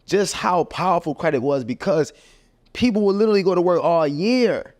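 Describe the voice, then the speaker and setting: A man's voice: sits high, normal speed, no room sound, studio quality. A man from Baltimore, a financial educator, talking as a guest in casual podcast chat, easygoing and full of "like" and "yo". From Baltimore, USA. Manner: relaxed, agreeable, fills with "like" and "yo".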